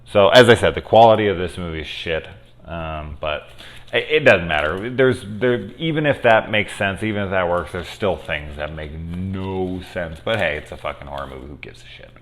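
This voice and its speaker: A man's voice: rumbling low, fairly bright tone. A man casually reviewing a movie with spoilers, rambling and swearing, with lots of ums and restarts. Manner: rambling, profane, many fillers.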